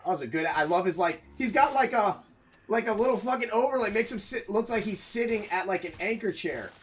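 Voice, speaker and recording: An excitable man chats with his viewers while streaming a game from home. His voice sits high and swings widely, and he swears freely and bursts into loud outcries. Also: brisk, a little hiss or hum. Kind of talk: casual live-stream chat.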